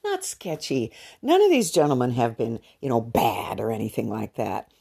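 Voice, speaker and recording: A woman's voice: a bass voice, very animated, moderate pace, gravelly, mellow, husky. A middle-aged woman giving a candid, bawdy dating update to her viewers in a casual vlog. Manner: candid, bawdy, giggly storytelling. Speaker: vlogger.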